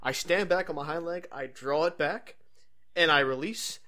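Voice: medium pitch, normal speed, pushed and bright. A tabletop game player narrating their character's arrow shot with playful flourish. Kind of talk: casual tabletop play.

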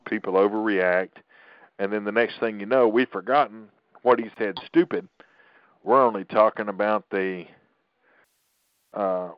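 A man's voice: fairly low pitch, no echo, dull audio. A middle-aged man hosting a political podcast, talking in an opinionated, rambling way with frequent restarts. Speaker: podcast host.

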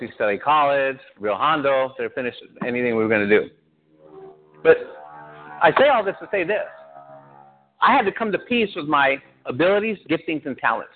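A pastor from Southern California giving an animated personal testimony, often laughing as he tells it. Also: mid-range voice. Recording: tinny phone-like sound.

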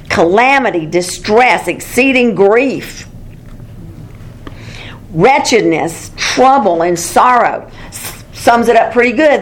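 A middle-aged woman leading a small-group Bible lesson, talking things through in a conversational way and correcting herself as she goes. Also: medium pitch. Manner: conversational, self-correcting, warm teaching. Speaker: Bible study teacher.

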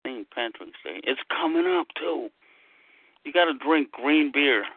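A man's voice: a little high, animated, unhurried, no echo, narrow, tinny audio. A man chatting on an online group call, rambling and joking with the others. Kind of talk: casual group chat.

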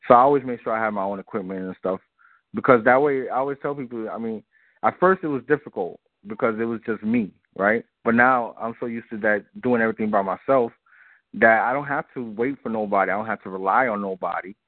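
A man's voice: lowish voice, quick pace, no echo. Talkative man on a tinny phone line. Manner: loose and talkative, repeats himself, laughs often. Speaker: guest filmmaker. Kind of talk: casual interview on a call-in radio show.

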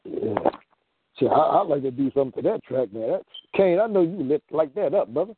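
Sex: man. Role: open mic poet. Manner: excitable, exclamatory, slangy. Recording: tinny phone line with faint noise. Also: on the high side, a little fast. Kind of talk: casual chat on a call.

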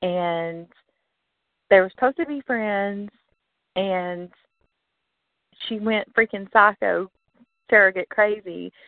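A woman's voice: medium pitch, takes it slowly, long pauses, no room sound. A woman co-hosting a casual radio chat show, talking animatedly and laughing as she acts out her reactions. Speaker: podcast co-host. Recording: dry, phone-like line.

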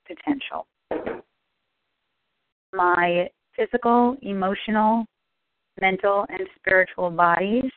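A woman's voice: lowish voice, no room sound. A woman on a group call reciting affirmations and sharing a joke, earnest, with some hesitant restarts. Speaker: call participant. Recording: dry tinny phone line.

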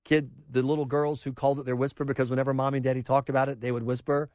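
A man hosting a talk radio show, delivering an opinionated monologue with a sarcastic, animated edge. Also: medium pitch, racing, no room sound. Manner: sarcastic, animated, mocks quotes in put-on voices.

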